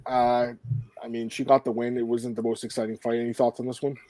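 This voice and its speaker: A man's voice: medium pitch, flat delivery, a little fast, dark tone, dry recording. A man hosting a podcast in casual, joking, rambling chat. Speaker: podcast host.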